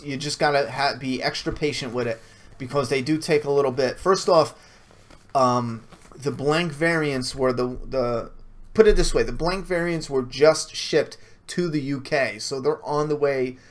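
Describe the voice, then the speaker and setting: A man's voice: medium pitch, normal speed. A man answering viewer questions in a casual stream, blunt and swearing freely, with frequent restarts. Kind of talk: casual Q&A livestream.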